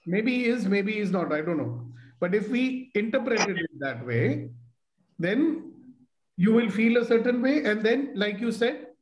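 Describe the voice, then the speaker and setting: Animated middle-aged Indian man, echoey room. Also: high voice, a little slow, noisy background. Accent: Indian English. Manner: animated, mixes in Hindi phrases, acts out quoted speech. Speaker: host. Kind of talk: casual conversation on self-growth.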